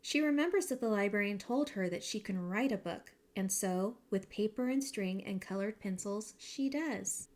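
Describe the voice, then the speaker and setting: A woman teacher reading a picture book aloud to a class, with expressive storytelling and pointers to the illustrations. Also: mid-range voice, normal speed, hardly any pauses.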